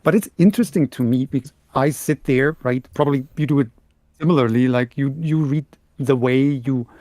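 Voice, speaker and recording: A man from Germany with a Bavarian German accent, chatting casually as a podcast co-host, halting and restarting often. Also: mid-range voice, mellow, no echo, studio quality. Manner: halting, many restarts and repeated words. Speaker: podcast co-host and audiobook narrator. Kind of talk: casual chat.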